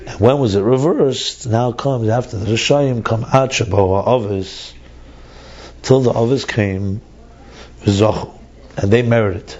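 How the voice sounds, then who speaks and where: A man's voice: medium pitch, measured pace, darkish tone, dull audio. A man teaching a text study class, thinking aloud and repeating words as he reads and explains.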